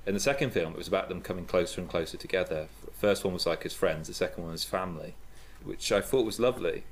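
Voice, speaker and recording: A man's voice: low-pitched, quick pace, slight background noise. A man co-hosting a casual podcast, chatty and jokey, gushing as he talks. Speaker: podcast co-host.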